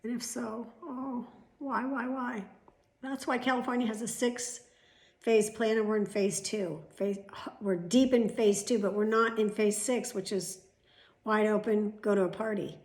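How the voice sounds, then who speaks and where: A woman's voice: fairly high pitch, steady tone, unhurried, darkish tone. A middle-aged woman vlogging at home, chatting casually to the camera with rambling asides and the odd swear word. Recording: echoey room.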